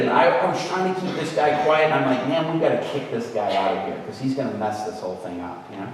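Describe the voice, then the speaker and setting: A man gives a storytelling sermon at a church event, talking conversationally and slipping into the voices of the people in his story. His voice sits at a middle pitch. He is picked up from far off in a large, boomy hall with a long reverb tail and a faint hiss. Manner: conversational, acts out quoted voices. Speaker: guest preacher.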